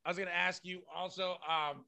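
A Bay Area podcast host has a high, steady voice that is creaky, bright, and forceful, moving fairly quickly with no room sound. He chats in a rambling, casual way, swearing freely and breaking into laughter.

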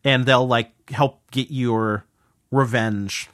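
A man's voice: mid-range voice, steady tone, slow pace, a bit bright, no echo, clean studio sound. A man co-hosting a podcast in casual chat, laid-back and hesitant, with many fillers. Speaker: podcast co-host.

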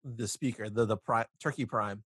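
A man's voice: fairly low pitch, fairly even intonation, moderate pace, a bit bright, breathy edge, no room sound, studio quality. A man playing in a tabletop role-playing game, eager and jokey. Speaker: player. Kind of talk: casual tabletop play.

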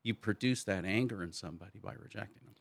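Older man, very deep voice, dry close sound, thoughtful conversational storyteller. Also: fast talker, creaky, no room sound. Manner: reflective, storytelling, laughs easily. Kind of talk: casual conversation.

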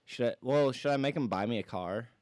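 A man from Wisconsin co-hosting a casual podcast, tossing out deadpan, absurd quips. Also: medium pitch, fairly quick, dry recording. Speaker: podcast co-host. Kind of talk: casual banter.

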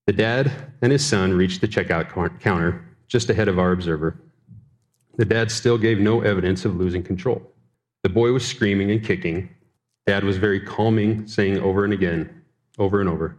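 A man's voice: low-pitched, steady tone, normal speed. A man preaching a sermon, telling a story and asking the congregation rhetorical questions.

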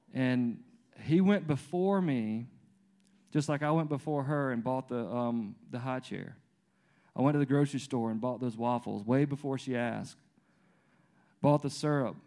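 A man in his thirties preaching in an informal, conversational way, telling family stories with many restarts and fillers. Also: mid-range voice. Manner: lively storyteller acting out his toddler and himself. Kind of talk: conversational sermon with personal stories.

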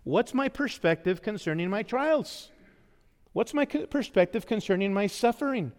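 A man's voice: sits high, lively intonation, normal speed. A man preaching a sermon as pastor, often putting rhetorical questions to the congregation. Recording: long reverb of a hall.

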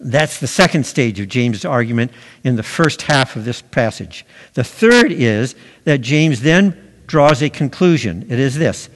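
Slow, deliberate preacher in a reverberant hall. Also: male voice, medium pitch, lively intonation. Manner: slow, deliberate preaching with emphatic pauses on key words. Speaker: pastor. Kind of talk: sermon.

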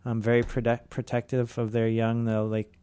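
A man hosting a community radio show, chatting in a laid-back, halting way with lots of fillers. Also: medium pitch, monotone, warm tone, smooth, no echo. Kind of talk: casual radio chat.

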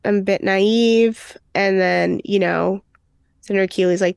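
A woman's voice: medium pitch, fairly even intonation, unhurried, vocal fry, darkish tone, smooth, no echo, studio quality. A woman co-hosting a podcast, casually retelling a film scene by scene with lots of "um" and "and then he's like", lifting her voice a little for quoted lines. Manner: rambling recap full of "um" and "and then he's like"; reads out movie quotes in a lightly lifted voice. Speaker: podcast co-host.

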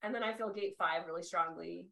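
A woman hosting a podcast in casual chat, excitable and talkative, quick to tear up when she gets excited. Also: fairly low pitch, vocal fry, a little hiss or hum, low-quality recording. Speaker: podcast host.

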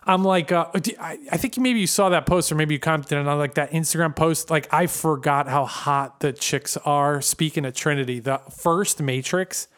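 A young man with a slightly high voice tells a long, rambling story to his podcast co-host. He slips in and out of the voices of the people in it. His delivery stays animated and casual. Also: normal speed, few pauses, clean tone.

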